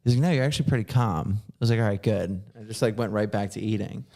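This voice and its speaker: A man's voice: on the low side, quick pace, gravelly, warm tone. A man hosting a podcast, telling a long story in a casual, rambling way with lots of fillers and swearing. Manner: rambling, swears freely, many filler likes. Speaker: podcast host.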